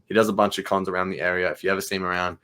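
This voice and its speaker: Deep-voiced man, casual podcast co-host. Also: level tone, racing, fairly bright tone. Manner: enthusiastic, rambling with fillers.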